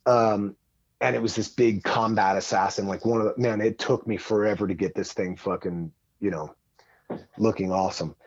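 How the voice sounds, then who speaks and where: A man's voice: fairly low pitch, normal speed, no room sound, highs cut off. A man telling a long story in casual podcast chat as a guest, rambling and heavy on swearing. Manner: profane, rambling, animated.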